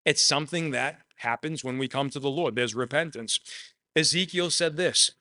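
A man's voice: mid-range voice, normal speed, bright, forceful tone. A man preaching a sermon, earnest and personal, repeating phrases for emphasis. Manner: shares personal testimony.

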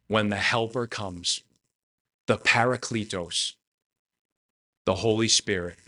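A man preaching a sermon with earnest, emotional delivery, swinging between raised storytelling and quiet emphasis. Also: lowish voice. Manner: earnest, emotional, tearful at moments.

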